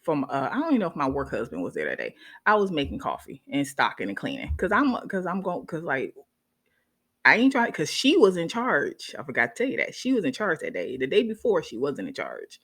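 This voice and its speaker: A woman, a nurse, telling a story casually to her viewers in an animated way, often checking in with them. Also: low-pitched, fairly quick, creaky, husky.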